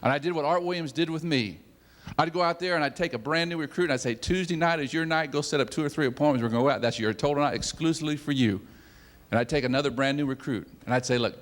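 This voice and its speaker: Animated man telling stories from a stage. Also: medium pitch. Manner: animated, acts out his own excitement. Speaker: sales leader giving a talk. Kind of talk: motivational storytelling speech. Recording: long reverb of a hall.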